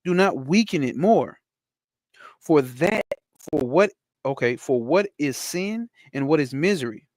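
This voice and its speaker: A man's voice: a little high, expressive, a little mellow, no room sound, studio quality. Slangy, blunt man reading a spiritual text. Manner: slangy, blunt asides with profanity between slow reading; streaming to a live chat. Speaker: spiritual teacher. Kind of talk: reading a text aloud and commenting on it.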